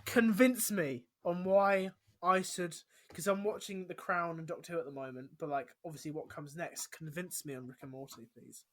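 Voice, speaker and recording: A man's voice: fairly high pitch, steady tone, normal speed, hardly any pauses, a bit bright, dry recording. A young man hosting a podcast, chatty and rambling, laughing a lot in casual talk. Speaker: podcast host. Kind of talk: casual chat.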